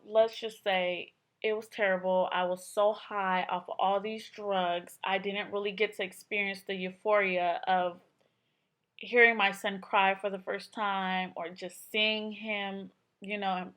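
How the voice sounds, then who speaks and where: A young woman speaking to her camera in a casual vlog. Her voice sits at a middle pitch, and her delivery is chatty and loose. She keeps saying "like" and acts out what others said. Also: fairly bright tone. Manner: chatty, filler-heavy, acts out quotes. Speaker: vlogger. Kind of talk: casual personal storytelling.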